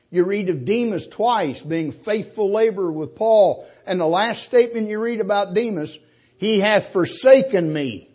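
A man preaching a sermon, slowing down and rising in force when he quotes scripture. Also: high-pitched, darkish tone, breathy edge, lo-fi sound. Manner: emphatic preaching, slows and rises to quote scripture.

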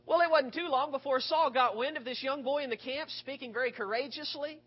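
A male preacher giving a sermon, retelling scripture with rhetorical questions and expressive storytelling. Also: very high-pitched, brisk. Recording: dull lo-fi recording.

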